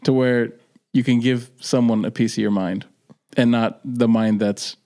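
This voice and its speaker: Man, podcast co-host, middle-pitched voice, earnest, laughs easily, confessional. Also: steady tone, warm tone. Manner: earnest, quick to laugh, affirming. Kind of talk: casual faith chat.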